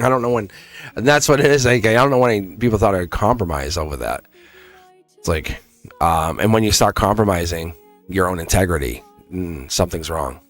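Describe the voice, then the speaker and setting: A man's voice: deep voice, fairly bright tone. A man with a Boston accent giving a casual, rambling livestream tarot reading, restarting phrases and chuckling. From England.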